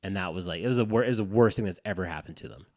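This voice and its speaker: A man's voice: low voice, racing, no room sound, clean studio sound. A man co-hosting a dads' podcast, telling a rambling, profane story in casual chat. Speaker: podcast co-host.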